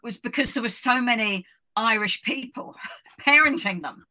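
A middle-aged woman from England speaks as a guest in a casual interview, her voice bright and forceful. She thinks out loud, circling back with "you know" and restarting her sentences. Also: fairly high pitch, moderate pace. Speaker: guest author.

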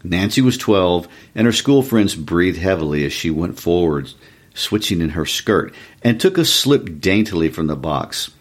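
Man reading a story aloud, very deep voice, calm and even. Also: unhurried. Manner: calm, even storytelling with shifts for each character. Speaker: reader.

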